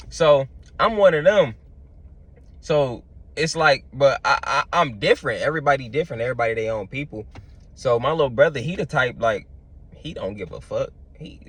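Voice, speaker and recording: A man's voice: mid-range voice, expressive, normal speed, fairly bright tone, slightly rough, dry recording. A young man, telling stories in a loose, slangy vlog monologue full of fillers. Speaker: vlogger. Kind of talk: casual storytelling monologue.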